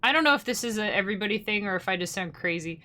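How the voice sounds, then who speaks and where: A young woman with a bright, clear-toned voice chats loosely during a live music stream. She rambles from thought to thought and laughs easily, in an ordinary middle register. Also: medium pitch, animated, racing. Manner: chatty and rambling, often laughing. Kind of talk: casual livestream chat.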